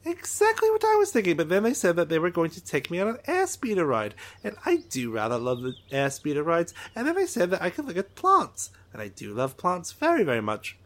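An excitable little alien chatters away in a high, fluttering voice, forever losing his words, as a man puts him on. The pitch swoops up and down. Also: a little fast, few pauses, full character voice. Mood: excited rambling. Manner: rambling, fussy, searching for words.

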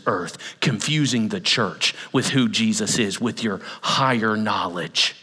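A man preaching a sermon to a large congregation, dramatic, swinging from loud cries down to whispers. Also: on the low side, lively intonation, a little slow, hardly any pauses, breathy edge, big-room sound. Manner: dramatic, shifting from shouts to whispers. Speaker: pastor. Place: large hall with an audience.

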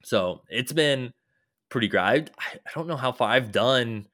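A man's voice: medium pitch, animated, a little slow, fairly bright tone, dry recording, clean studio sound. A man casually rambling about a video game, loose and swearing now and then, with many fillers.

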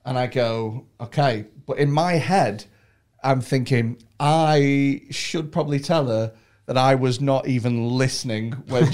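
A man's voice: mid-range voice, normal speed. A man telling a story in casual chat, swearing and acting out the people in it. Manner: animated, swearing, acts out quoted voices.

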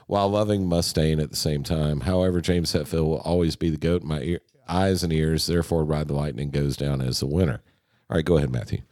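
A man's voice: a bass voice, steady tone, a little fast, hardly any pauses, mellow, no echo, studio quality. A man co-hosting a podcast, chatting casually and joking around with loose, profane banter. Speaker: podcast co-host. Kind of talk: casual chat.

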